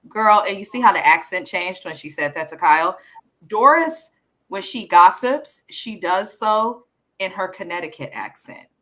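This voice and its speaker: A woman's voice: medium pitch, expressive, normal speed, bright, forceful tone. A woman hosting a casual show recap, talking bluntly and gossiping with frequent swearing. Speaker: podcast host.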